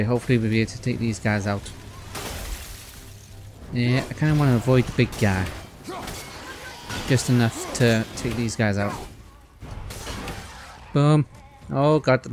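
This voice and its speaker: A man with a Welsh accent, commentating on his gameplay in an excitable, panicky way and talking to the characters on screen. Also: mid-range voice. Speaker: let's player. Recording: loud game music underneath. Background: game music.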